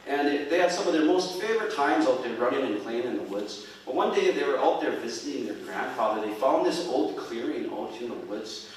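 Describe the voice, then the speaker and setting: A man's voice: medium pitch, animated, fairly quick, few pauses. A man telling stories on stage in a folksy, chuckling way, heard from a distance in a large, echoing hall. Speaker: storyteller and musician. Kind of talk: live stage storytelling. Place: performing arts center stage. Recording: echoey hall from far off.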